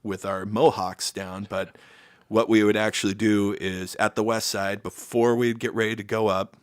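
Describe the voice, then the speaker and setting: A middle-aged American man with a fairly low voice tells band stories at a moderate pace as a podcast guest. He's an animated storyteller who acts out quotes with sudden loud jumps in this casual chat. The sound is clean studio audio with no echo.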